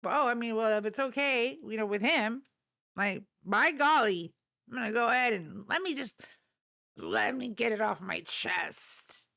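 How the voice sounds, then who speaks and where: A drawling bigot letting his grudges out, as a woman mocks him. The words come slow and sneering, in a voice a little higher than most. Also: big pitch swings, vocal fry, pushed and bright, no room sound, heavily acted. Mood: mocking. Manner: mocking, drawn-out. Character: bigoted man finally airing his prejudice.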